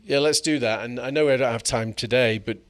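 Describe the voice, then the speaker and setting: A man's voice: medium pitch, a little fast. A man co-hosting a podcast in casual chat, musing tentatively and trailing off as he thinks. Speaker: podcast co-host.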